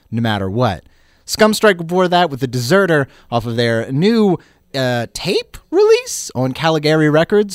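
A man hosts a radio show, filling the gaps between songs with loose, rambling chat. His tone is sarcastic and self-mocking, and his pitch swings widely. The sound is dry and close, with no room echo.

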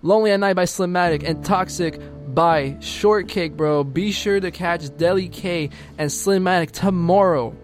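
A man's voice: sits high, normal speed, few pauses, faint music behind. A young man hosting a radio show casually, laid-back and slangy, calling people "bro" and "yo".

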